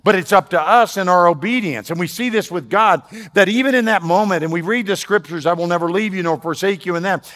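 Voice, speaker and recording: A man preaching a sermon from the pulpit of a church. He swings from loud, emphatic declarations down to quiet, lower asides. His voice carries a long reverb through the sanctuary. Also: a little fast, few pauses. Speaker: pastor.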